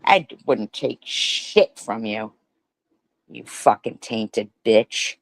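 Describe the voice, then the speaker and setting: Very low-voiced woman ranting, profane. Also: takes it slowly, creaky, dry recording, low-quality recording. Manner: profane, insulting, ranting back at a clip. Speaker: commentary streamer. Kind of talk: angry reaction commentary.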